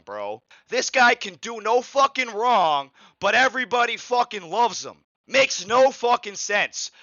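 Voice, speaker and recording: A man's voice: high voice, sharp tone, no echo, dull audio. A man hosting a sports podcast, ranting in a heated, profane, repetitive way. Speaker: podcast host. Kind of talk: angry sports podcast rant.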